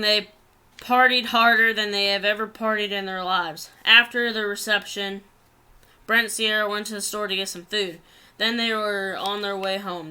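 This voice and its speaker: A woman reads a long story aloud with a bright, crisp voice. She tends to trip over words and start them again, keeping an unhurried, plain storytelling delivery. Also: mid-range voice. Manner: plain reading with frequent slips and restarts.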